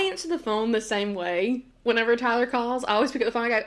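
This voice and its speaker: This young woman sits at a slightly higher pitch than most women and co-hosts a chatty podcast. She talks in an animated way, laughs often and slips into little voices when she retells conversations. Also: quick pace, noisy background. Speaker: podcast co-host. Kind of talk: casual chat.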